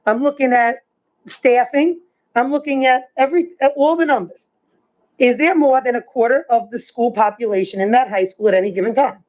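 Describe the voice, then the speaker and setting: A woman's voice: fairly high pitch, normal speed, a little mellow, poor audio. A woman board member pressing questions in a meeting discussion, cutting in to get answers.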